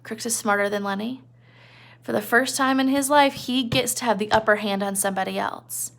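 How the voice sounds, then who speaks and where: Gravelly-voiced woman teaching a novel. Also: on the high side, fairly quick, a bit bright. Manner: conversational, explains with asides and checks. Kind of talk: classroom lecture retelling a novel.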